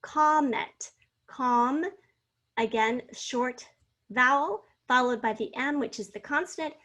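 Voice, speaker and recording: Woman teaching spelling, slow and clear. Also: high voice, sharp tone. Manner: slow, clearly enunciated, sounding out words. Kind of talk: spelling lesson.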